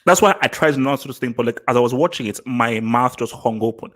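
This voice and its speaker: A man's voice: medium pitch, fairly quick, fairly bright tone. Emphatic man ranting on his vlog. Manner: emphatic, repeats himself, frequent restarts. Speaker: vlog host. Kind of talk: casual opinion commentary.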